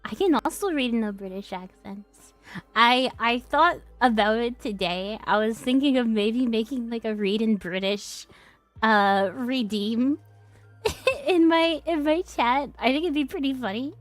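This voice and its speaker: A woman's voice: fairly high pitch, a little slow, no room sound, soft background music. A woman hosting a livestream, chatting in a bubbly, giggly, playful way. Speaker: livestream host. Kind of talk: casual livestream chat.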